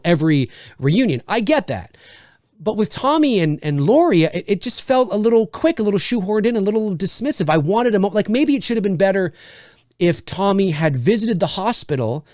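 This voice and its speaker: Lively, expressive man reviewing a film. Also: on the high side, dry recording, clean studio sound. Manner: thinks aloud, restarting his sentences.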